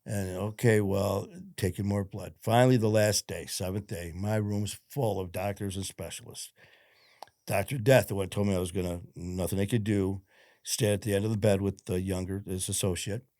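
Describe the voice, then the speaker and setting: A man's voice: low voice, fairly even intonation, moderate pace, darkish tone, no echo, studio quality. Blunt, profane man telling his story. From Detroit, USA. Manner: blunt, profane, retells events with quoted dialogue. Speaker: podcast guest. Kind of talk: casual interview storytelling.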